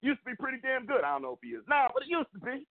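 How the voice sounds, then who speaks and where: A man's voice: very high-pitched, big pitch swings, very fast, gravelly. A man hosting a sports show, ranting in frustration, emphatic and rambling, often repeating himself. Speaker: sports podcast host. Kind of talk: heated sports rant. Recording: phone-like narrow audio.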